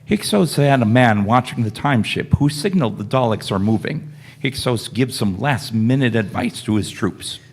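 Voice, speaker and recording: Husky-voiced male narrator. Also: mid-range voice, lively intonation, normal speed. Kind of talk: reading stage directions in a live radio play.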